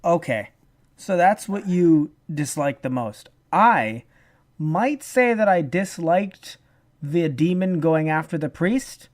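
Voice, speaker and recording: A man's voice: on the high side, expressive, slow pace. A man co-hosting a casual review podcast, his medium voice rising and falling a lot as he acts out the lines he quotes. He swears freely and keeps restarting his thoughts. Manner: profane. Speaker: podcast co-host.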